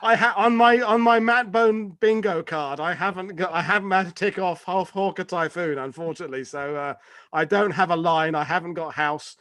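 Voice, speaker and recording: A man's voice: sits high, normal speed, a bit bright, dry recording. A man hosting a live online history chat, rambling and joking, with casual swearing, on a video call.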